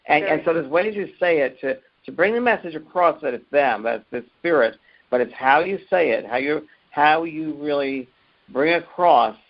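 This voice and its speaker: A man who teaches mediumship, telling stories from his work in an earnest, emphatic way and often repeating his words. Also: medium pitch. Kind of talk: interview answer, storytelling. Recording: muffled lo-fi audio.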